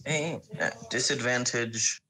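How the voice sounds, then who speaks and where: Man, game master, slow delivery, bright tone, matter-of-fact. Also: mid-range voice, rough recording. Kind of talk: running a tabletop game.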